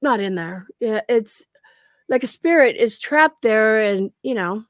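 A woman with a slightly high voice tells her ghost stories with lively energy, jumping into the voices of the people in them. She is recorded close and dry, with no room sound. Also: measured pace, no echo. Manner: animated storyteller, acts out quotes, laughs often. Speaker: guest paranormal investigator. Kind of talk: casual podcast chat.

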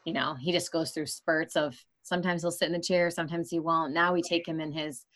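A woman's voice: sits low, fairly even intonation, a little fast, fairly bright tone. Frank, chatty woman podcast host. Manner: frank, conversational, often laughing mid-sentence. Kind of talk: casual interview talk.

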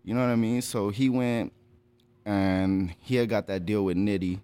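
A man's voice: on the low side, fairly even intonation, normal speed, warm tone, clean tone, no echo. A man telling stories as a guest on a casual podcast, talking in loose, profane slang. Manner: laughs while telling stories. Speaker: rapper telling his story as a guest.

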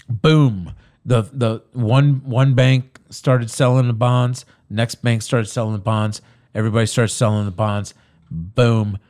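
Rambling animated man in casual banter. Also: mid-range voice, unhurried. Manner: rambling, animated, restarts a lot.

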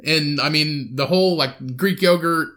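Podcast co-host, young man, high and bright, profane and animated storyteller. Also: unhurried. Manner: profane, animated retelling with quoted voices. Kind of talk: casual storytelling chat.

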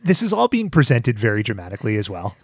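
Guy hosting a podcast, joking and cursing, gravelly voice, dry close mic. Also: on the low side, fast talker, no room sound. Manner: profane, animated, joking. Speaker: podcast host. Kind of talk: casual chat recapping an episode.

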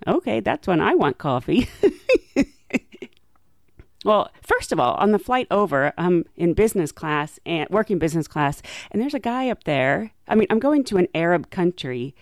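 A young woman flight attendant telling stories in a chatty way, laughing often and acting out quotes in a higher voice. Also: animated, moderate pace, dry recording, clean studio sound. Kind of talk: casual storytelling monologue.

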